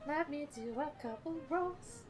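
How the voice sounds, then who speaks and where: A woman's voice: high-pitched, measured pace, faint music behind. A woman playing a tabletop game, giggly and playful as she describes her rolls. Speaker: player.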